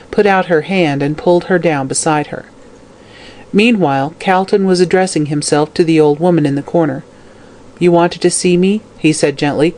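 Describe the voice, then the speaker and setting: Audiobook narrator, steady scripted narration, middle pitch, even delivery.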